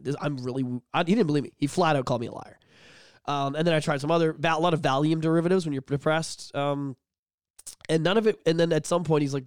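A man co-hosting a podcast, talking candidly and swearing a lot, sometimes bursting into loud shouted bits. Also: fairly high pitch, fast, dry recording, studio quality. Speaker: podcast co-host. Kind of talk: candid casual chat.

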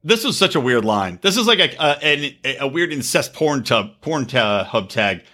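A man co-hosting a casual reality-TV recap podcast, cracking crude jokes and slipping into loud, shrill impressions. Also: big pitch swings, normal speed. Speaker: podcast co-host. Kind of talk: casual comedic chat.

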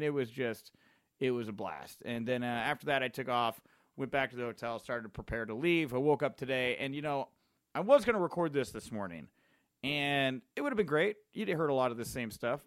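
A man hosting a podcast, telling a story in a casual, excitable way and laughing often. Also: mid-range voice, no echo, clean studio sound. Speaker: podcast host.

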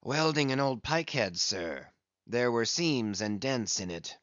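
A man's voice: sing-song, unhurried, dry recording, muffled recording. A man voicing a weary scarred old blacksmith. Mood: resigned. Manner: quiet, resigned, low and subdued.

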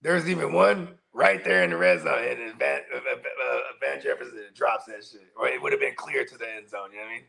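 A man's voice: medium pitch, animated, brisk, vocal fry, few pauses, crowd noise. A man co-hosting a casual fantasy football chat, rambling and profane, tagging lines with "you know what I mean". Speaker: co-host.

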